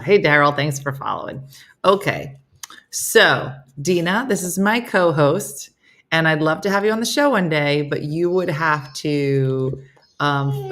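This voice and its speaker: A middle-aged American woman from the United States hosts a casual live morning show, her voice low-pitched and a bit bright. She chats with viewers by name, reads their comments, and jokes in a self-mocking way.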